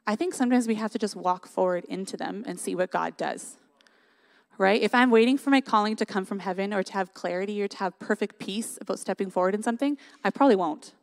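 A woman's voice: mid-range voice, quick pace, vocal fry. A young woman giving a sermon in an earnest, conversational way, often adding "like" and "right?". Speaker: worship leader giving a church talk.

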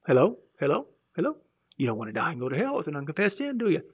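A man's voice: wildly swooping pitch, racing, slightly rough, full character voice. A man voicing a nagging, prim busybody who keeps scolding and repeating himself, in a muffled recording. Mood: threatening nag. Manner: shrill repetitive hectoring.

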